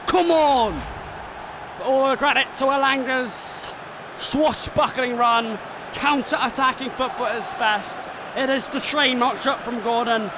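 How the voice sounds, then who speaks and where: High-voiced man doing excitable game commentary. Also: noisy background. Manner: bursts into shouted excitement at goals. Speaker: streamer playing a football video game. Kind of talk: live gameplay commentary in broadcaster style.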